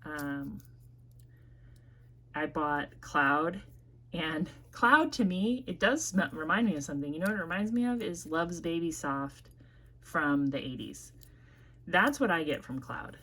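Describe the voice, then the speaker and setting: A Midwestern woman with a notably deep voice chats through a casual perfume review. She rambles freely and fills pauses with ums and likes. Her mid-sentence restarts keep it unscripted. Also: expressive, a bit bright. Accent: American Midwest. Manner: chatty, rambling with frequent fillers and self-corrections. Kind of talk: casual product review vlog.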